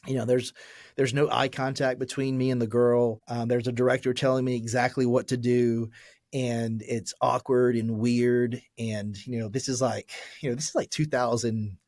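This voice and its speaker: A man in his forties speaks as a guest on a podcast, recounting his own past with halting earnestness and plenty of restarts. His voice sits at an ordinary middle pitch, and the recording is close and dry, with no room sound around it. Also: little pitch movement, darkish tone, no echo. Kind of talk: candid personal testimony in a podcast interview.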